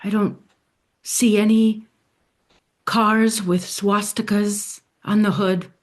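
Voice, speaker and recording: A woman telling a dramatic story in the first person, speaking in a hushed voice that often sinks to a soft near-whisper. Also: medium pitch, flat delivery, slow.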